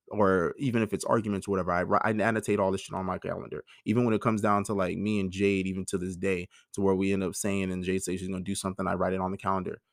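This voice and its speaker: This podcast host, a man in his thirties, has a low, creaky, slightly bright voice. His personal monologue is emotional, frank and full of swearing, recorded at studio quality with no room sound.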